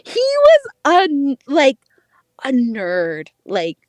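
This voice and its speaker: A young woman, a podcast co-host and dating correspondent, tells stories in casual chat, her high voice leaping and dipping with each twist. She swears freely, laughs through her lines, and speaks slowly, recorded close and dry with no echo or room sound.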